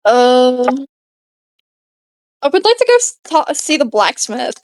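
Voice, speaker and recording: A playful woman taking part in a tabletop game, hesitant and giggly. Her voice is high and smooth, recorded close and dry. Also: very animated, slow, dry recording. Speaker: player. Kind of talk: casual tabletop play.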